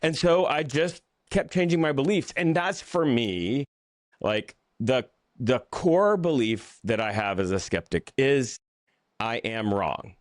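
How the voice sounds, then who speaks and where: A Southern US man with a medium-pitched, expressive voice, recorded dry in studio quality. He's a pastor and author telling his story in a casual interview, candid and self-deprecating, speaking haltingly with frequent restarts and repeated words.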